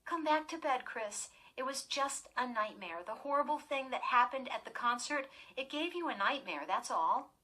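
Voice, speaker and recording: A woman's voice: sits high, animated, normal speed, bright, forceful tone, pitched above the performer's own voice. Woman doing a startled, insistent big sister. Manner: urgent, insistent pleading. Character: startled older sister girl, disbelieving and insistent.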